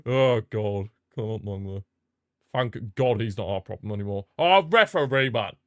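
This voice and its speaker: A man hosting a live football watchalong, chatting excitedly, reacting to the match and answering viewer comments. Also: on the low side, moderate pace, no echo. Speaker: watchalong host.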